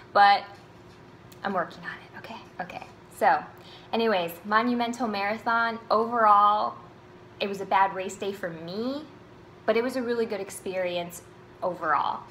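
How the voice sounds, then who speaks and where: A young woman recapping her race in a casual vlog, chatty and animated, swearing and laughing freely. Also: medium pitch, slight background noise, poor audio. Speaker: running vlogger.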